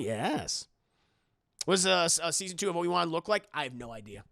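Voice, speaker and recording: Gravelly, bright-voiced male streamer. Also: fairly high pitch, lively intonation, normal speed, no room sound, clean studio sound. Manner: rambling, reacts to chat, many restarts. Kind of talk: casual live-stream chat.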